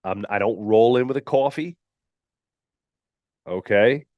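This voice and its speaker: A man's voice: lowish voice, takes it slowly, no echo, muffled recording. A man hosting a podcast, giving a blunt, emphatic solo coaching talk that he keeps punctuating with "all right.". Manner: mocks candidates in put-on whiny voices. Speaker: podcast host and gym owner.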